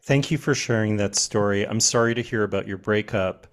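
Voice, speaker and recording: A man hosting a podcast, answering his guest in a measured, sympathetic way. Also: on the low side. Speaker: podcast host. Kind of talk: interview response.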